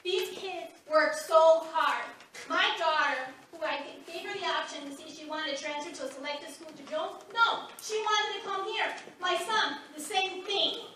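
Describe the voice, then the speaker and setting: Mother, exasperated public comment, very high bright voice, echoey distant recording. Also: normal speed, few pauses, a little hiss or hum. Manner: exasperated, questioning. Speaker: parent. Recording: very echoey room, distant mic.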